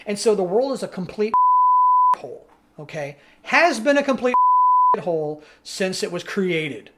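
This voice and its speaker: A man's voice: sits high, very animated, measured pace, very noisy. A man co-hosting a podcast, ranting bluntly and profanely in casual opinion chat. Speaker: podcast co-host.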